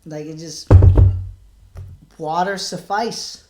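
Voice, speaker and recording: A man talking quietly to the camera in a personal video diary, halting and subdued, with many pauses and restarts. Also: fairly high pitch, soft background music. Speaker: vlogger. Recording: echoey room.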